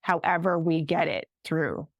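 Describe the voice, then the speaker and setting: A woman therapist talking as a podcast guest, animated and free-flowing with many fillers. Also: low voice, no echo, clean studio sound. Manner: animated, fast-flowing, many fillers, acts out clients' words. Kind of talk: casual interview chat.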